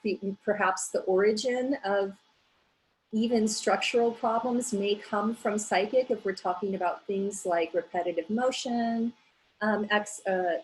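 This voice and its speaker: Woman giving a measured academic talk. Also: medium pitch, a little hiss or hum, poor audio. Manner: measured, explanatory, with frequent fillers. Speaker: graduate student presenter. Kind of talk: academic presentation.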